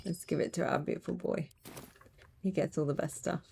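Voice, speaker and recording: Chatty woman with a gravelly low voice. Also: fairly even intonation, fairly quick, warm tone, a little hiss or hum. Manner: chatty, giggly, rambling asides. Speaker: streamer. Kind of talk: casual let's-play commentary.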